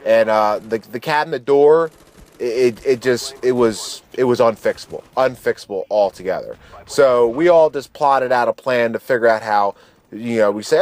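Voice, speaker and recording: A man in his thirties telling a casual story over gameplay as host of his channel, in a relaxed, slangy and profane way with frequent restarts. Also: medium pitch, normal speed.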